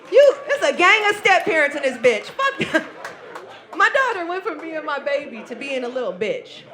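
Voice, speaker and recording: A woman's voice: high voice, very animated, moderate pace, noisy background. A woman performing a crude stand-up comedy set, brash and laughing through her lines. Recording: live club with audience laughter.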